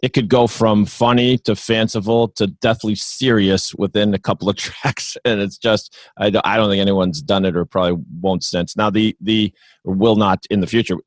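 Male radio host with a lowish voice, jokey, runs a quiz game with his guests. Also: fairly even intonation, normal speed, no room sound. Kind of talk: casual radio chat.

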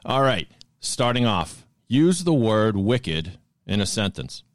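Jokey Boston-accented host, very deep voice. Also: male voice, sing-song, takes it slowly, no room sound, clean studio sound. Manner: jokey, chatty, laughing. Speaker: podcast host. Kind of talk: casual chat, quiz host.

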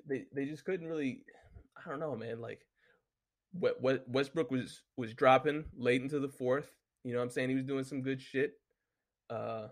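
A man talking casually and heatedly, cursing constantly and filling his speech with "you know what I'm saying" as he reads off his notes. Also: mid-range voice. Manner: profane, heated, full of fillers. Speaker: solo commentator reading from notes. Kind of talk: casual rant and sports talk.

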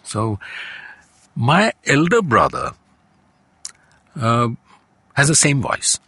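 An older man with an Indian English accent, telling anecdotes as a guest in relaxed conversation and acting out quoted family voices. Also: medium pitch, very slow, husky, no room sound. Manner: animated anecdotes, slips into Hindi, acts out quoted family voices. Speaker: guest, voice artist.

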